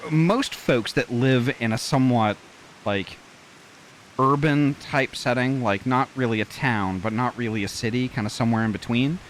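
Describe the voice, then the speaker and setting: A man's voice: medium pitch, normal speed, a little hiss or hum. A man streaming a game and chatting casually, rambling with many fillers and restarts. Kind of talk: casual chat while gaming.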